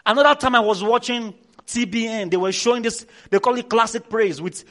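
A man with a Nigerian accent preaching as a pastor, telling stories with lots of energy and loud repeated calls. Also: extremely high pitch, a little fast. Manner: animated storytelling, shouting repeated commands. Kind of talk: sermon.

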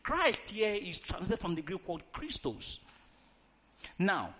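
High-pitched, lively preacher man. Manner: emphatic, calls for congregation responses; reads scripture aloud in a dramatic tone. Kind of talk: sermon.

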